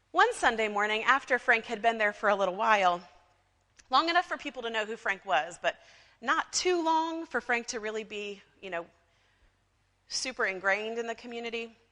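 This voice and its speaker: A woman's voice: a little high, bright, forceful tone. A woman pastor preaching a storytelling sermon in a church, talking conversationally with frequent asides to her congregation. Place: church sanctuary. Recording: long reverb of a church sanctuary.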